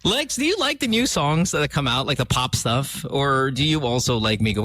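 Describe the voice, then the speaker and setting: A man's voice: mid-range voice, animated, moderate pace, few pauses, pushed and bright, no echo, studio quality. Joking man hosting morning radio. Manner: loose, joking, banters with co-hosts. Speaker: radio host. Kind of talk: morning radio chat, reading listener shout-outs. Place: radio studio.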